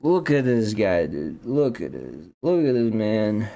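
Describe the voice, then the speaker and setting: Young guy streamer yapping while he draws, goofy, keeps saying dude, mid-pitch voice. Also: expressive, a little slow, vocal fry, darkish tone. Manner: goofy, jokey, repeats and restarts, says dude a lot. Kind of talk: rambling casual chat while drawing.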